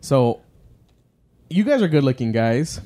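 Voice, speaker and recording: A man's voice: mid-range voice, sing-song, a little slow, warm tone. A young married man co-hosting a podcast, telling stories in casual chat and acting out what people said to him. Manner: tells stories with quoted voices. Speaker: podcast co-host.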